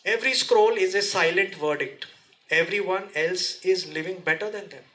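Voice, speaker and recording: A man speaks to a seminar audience in a lively, direct way and keeps firing questions at them. His voice sits high and sounds bright and forceful. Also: moderate pace, poor audio. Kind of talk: motivational seminar talk. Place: seminar room.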